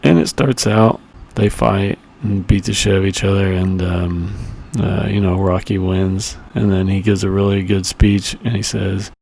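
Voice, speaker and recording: A man's voice: low voice, flat delivery, normal speed, creaky, a little mellow. A man hosting a comedy movie review, rambling crudely through a profane plot recap with loose impressions of the characters. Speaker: podcast host reviewing movies.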